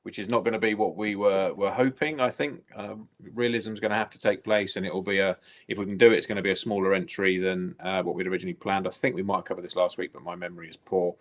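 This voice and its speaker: Deep-voiced, relaxed man. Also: fast. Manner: relaxed, easygoing, with short replies. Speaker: co-host. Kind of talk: casual live-stream chat.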